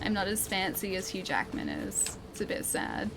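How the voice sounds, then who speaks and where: A woman's voice: medium pitch, huge pitch swings, moderate pace, noisy background. An Australian woman streaming a game live, chatting playfully, laughing often and answering her chat. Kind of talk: live gameplay commentary, reading chat.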